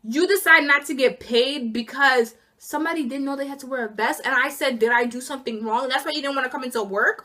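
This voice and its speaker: Teen girl, 17, casual storytime vlog, exasperated ranting, high bright voice. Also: brisk, few pauses. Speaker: student vlogger.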